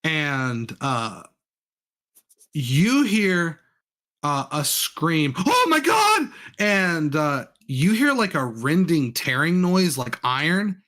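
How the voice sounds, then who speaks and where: A man's voice: a little high, animated, takes it slowly, a bit bright. A man running a tabletop game as game master, narrating loosely with lots of fillers and restarts.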